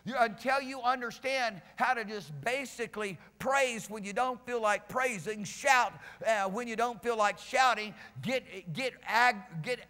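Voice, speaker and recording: A male pastor preaching a fiery sermon in a church, repeating phrases and swinging between shouts and low, quiet lines. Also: unhurried, few pauses. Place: church sanctuary. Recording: reverberant church hall.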